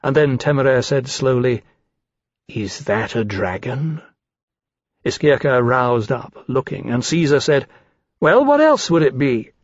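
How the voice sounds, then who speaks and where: A man's voice: mid-range voice, no echo. Man narrating a fantasy audiobook. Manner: measured, steady storytelling. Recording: dull dry studio sound.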